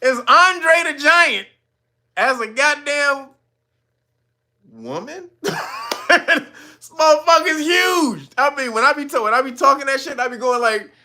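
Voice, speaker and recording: High, lively, laughing male streamer. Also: a little slow, long pauses. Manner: laughing, profane, animated. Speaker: channel host. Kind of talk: casual news commentary stream.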